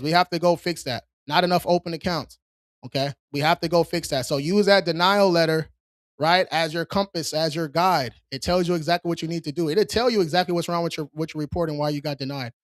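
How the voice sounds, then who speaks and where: Reading out viewer questions on his credit repair live stream, this man answers in a relaxed, streetwise manner. His voice sits a little high, captured at studio quality with no audible room.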